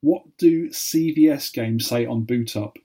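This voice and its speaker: A man hosting a playful quiz, teasing and deadpan. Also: mid-range voice, unhurried, slightly rough. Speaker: podcast co-host, quizmaster.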